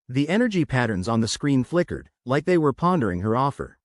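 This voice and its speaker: A male narrator reads a sci-fi short story from a script, with lively, expressive pitch movement. The recording is dry and close, with no room sound. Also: fairly quick, no room sound.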